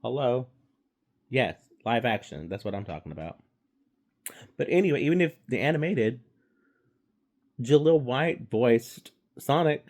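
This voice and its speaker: A man's voice: medium pitch, expressive, unhurried, pauses often, a little mellow. A man giving a casual, rambling movie review, swearing freely and stumbling through fillers and restarts.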